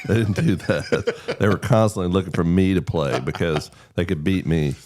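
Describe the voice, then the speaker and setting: A man who is a pastor, talking as a guest on a morning radio show in a calm, measured, easygoing way. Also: deep voice, slight background noise. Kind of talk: casual radio chat.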